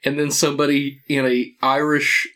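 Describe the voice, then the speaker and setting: A man's voice: medium pitch, little pitch movement, normal speed, pushed and bright. A man co-hosting a casual movie commentary chat, laughing often and restarting his sentences as he talks.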